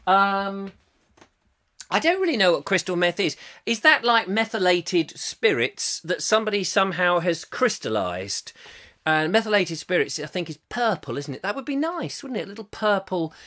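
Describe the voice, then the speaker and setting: Animated, chatty man. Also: high-pitched, moderate pace. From England. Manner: jokey and chatty, swings between loud and quiet asides. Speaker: host of a live chat show. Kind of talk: rambling live-stream chat, reading out viewer comments.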